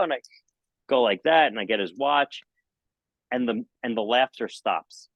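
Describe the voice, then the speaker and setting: A middle-aged man who tells his stage anecdotes with lively energy, often leaping into high, playful exclamations as he acts out the moments. His voice is mid-pitched and recorded dry and close, with no room sound. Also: unhurried, pauses often, no echo, low-quality recording. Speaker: magician and mentalist guest. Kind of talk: animated storytelling in a podcast interview.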